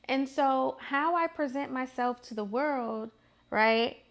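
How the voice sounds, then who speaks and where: A woman's voice: sits high, takes it slowly. A woman in her thirties hosting her own vlog, talking through her opinions in a chatty, emphatic way and repeating phrases for effect. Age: 30s. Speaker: vlog host. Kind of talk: casual opinionated monologue.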